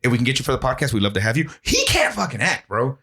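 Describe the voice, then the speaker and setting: A man co-hosting a casual podcast, excitable and swearing, laughing often as he talks. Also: medium pitch, very fast. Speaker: podcast co-host.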